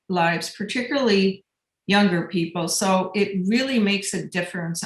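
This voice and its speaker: Woman regent giving earnest thanks in an echoey room. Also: mid-range voice. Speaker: university regent. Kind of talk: spoken remarks at a board meeting.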